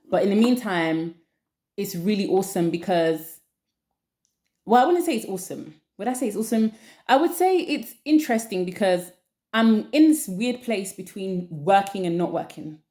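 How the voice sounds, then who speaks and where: A woman's voice: fairly low pitch, a little mellow. A woman chatting casually to camera as a vlogger, rambling and repeating phrases for emphasis. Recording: roomy echo.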